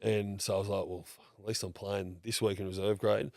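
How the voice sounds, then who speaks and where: A man's voice: on the low side, level tone, a little fast, vocal fry, darkish tone, dry recording, studio quality. An Australian man in his thirties, telling stories in a blokey, casual way, swearing freely and acting out what others said. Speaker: podcast guest. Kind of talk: casual storytelling chat.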